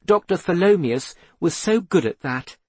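A man reading aloud, voicing a composed, thoughtful woman investigator in an earnest, measured way. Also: high voice, expressive, no echo, pitched above the performer's own voice.

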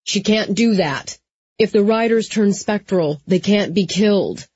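A woman's voice: medium pitch, measured pace, husky, no room sound, muffled recording. A woman doing an urgent, clipped male cop. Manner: urgent, clipped, shouting over noise.

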